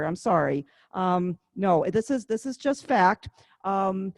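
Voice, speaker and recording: A woman's voice: mid-range voice, darkish tone, no room sound. A woman teaching a music class, chatting about a song's history and calling out fingering note by note. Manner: chatty, reads fingering numbers slowly. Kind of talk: online class instruction.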